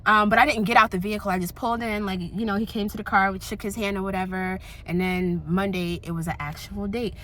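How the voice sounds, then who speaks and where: A young woman vlogging in candid casual chat, animated and slangy, often laughing. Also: mid-range voice, quick pace, hardly any pauses, a little hiss or hum.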